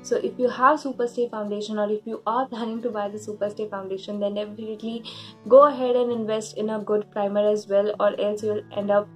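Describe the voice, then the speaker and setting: A woman's voice: mid-range voice, flat delivery, fairly quick, faint music behind. A woman in a makeup review vlog, explaining her results in an earnest way with small restarts. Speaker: beauty vlogger.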